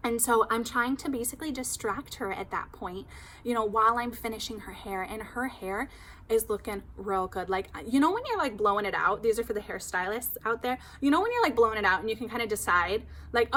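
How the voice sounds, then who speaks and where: A woman hairstylist telling a client story in casual, animated chat, full of "like". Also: a little high, a little fast. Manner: chatty, animated, heavy use of "like".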